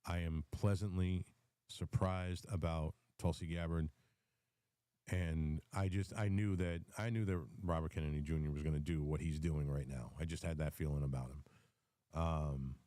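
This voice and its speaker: Male host, low and mellow voice, rambling political rant with ums and restarts, hiccups, dry close sound. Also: fairly even intonation, moderate pace, no room sound. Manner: rambling, repeats words, frequent ums and restarts. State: has the hiccups. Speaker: host of a live audio space.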